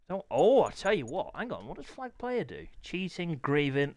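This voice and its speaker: A man hosting a live stream, commentating sim motorbike racing and chatting with viewers, often clearing his throat. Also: on the high side, huge pitch swings, moderate pace, hardly any pauses, a little mellow, dry recording.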